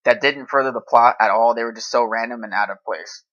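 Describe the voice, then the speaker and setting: Male co-host, casual and animated, bright voice, lo-fi recording. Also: mid-range voice, fairly quick. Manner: animated, swearing, acts out reactions in quotes. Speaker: podcast co-host. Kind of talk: casual chat about films. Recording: dull lo-fi sound.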